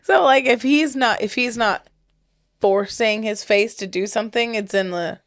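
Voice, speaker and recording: A woman chats with her husband on their podcast, laughing often and acting out little scenes with lots of "like" fillers. Her voice sits fairly high. The sound is close and dry, with no room echo. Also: moderate pace. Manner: giggly, animated storytelling with many fillers. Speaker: podcast co-host. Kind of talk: casual couple chat.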